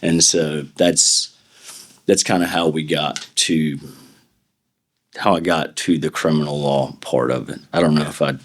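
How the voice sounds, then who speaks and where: Very deep-voiced man telling stories. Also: steady tone, a little slow. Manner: rambling anecdotes with acted-out quotes. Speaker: podcast guest, defense attorney. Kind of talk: casual interview storytelling.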